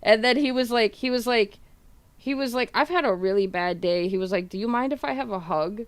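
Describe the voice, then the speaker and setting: A woman's voice: medium pitch, a little fast, no echo. A woman streamer casually telling a rambling story to her viewers, full of fillers and casual swearing, acting out what others said. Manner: retells others' words in quoted dialogue.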